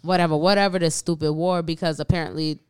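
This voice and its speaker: Animated young woman, clear voice. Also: deep voice, quick pace. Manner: animated, exasperated, laughs often, swears. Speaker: podcast co-host. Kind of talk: casual chat.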